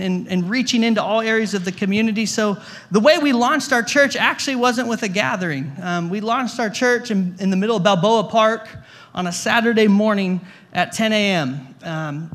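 Male guest pastor, young adult, high bright voice, chatty sermon storyteller, trips over repeated words. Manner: stammering restarts, repeats words; conversational, jokey asides.

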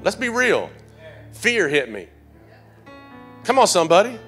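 A middle-aged man preaching a sermon as pastor in a church, calling out to the congregation and rising from low confiding tones to loud shouts. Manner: call-and-response preaching, surging to shouts.

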